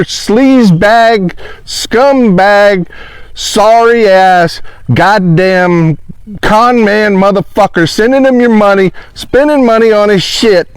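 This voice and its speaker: A man's voice: high-pitched, clean tone, no room sound, clean studio sound. A man delivering an angry, profane rant outdoors, repeating insults at his listeners. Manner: furious, swearing, repeating insults. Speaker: online commentator. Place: outdoors in a pond.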